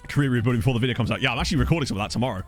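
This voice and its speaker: A man's voice: medium pitch, rapid-fire, soft background music. A man chatting casually on a live game stream, self-mocking and laughing often, with hiccups. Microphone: desk USB microphone.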